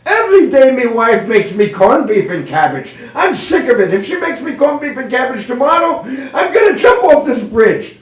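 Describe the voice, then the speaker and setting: A man voicing an exasperated male Irish bridge worker who shouts about his lunch. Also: extremely high pitch, big pitch swings, normal speed, few pauses, far from the mic, voice pushed up. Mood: fed up. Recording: roomy, away from mic.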